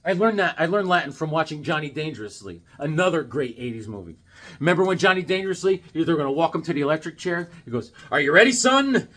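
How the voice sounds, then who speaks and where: A man hosting a casual vlog about his comic books, talking in a jokey, animated way with sudden exclamations. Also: fairly high pitch, fast. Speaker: comic book vlogger. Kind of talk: casual show-and-tell vlog.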